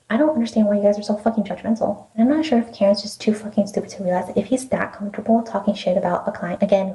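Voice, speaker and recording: A woman's voice: medium pitch, gravelly, mellow, poor audio. A young woman ranting through a storytime vlog, sarcastic and heavily profane, sometimes dropping to a whispered aside. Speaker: vlogger.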